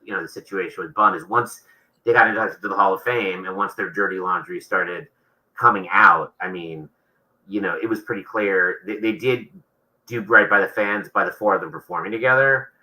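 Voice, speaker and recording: A man's voice: sits low, moderate pace, bright, forceful tone, low-quality recording. A man, an author being interviewed, talking casually and rambling with many restarts.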